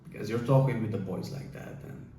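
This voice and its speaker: A man's voice: lowish voice, fairly quick, dark tone. A man giving casual relationship advice in a hesitant, coaching way, with many fillers and restarts. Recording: echoey room, far from the mic, faint hiss.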